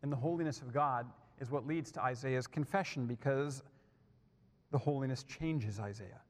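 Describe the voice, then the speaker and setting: A man preaching a sermon, building emphasis and then dropping to soft, hushed lines. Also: mid-range voice, normal speed, in a large hall.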